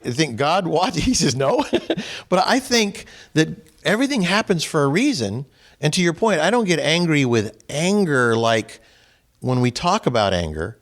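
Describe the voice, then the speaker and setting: A man's voice: a little high, sing-song, normal speed. A man hosting a group discussion in a small room, talking earnestly and with emphasis, often quoting others. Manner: earnest, emphatic, acts out quotes. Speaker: host.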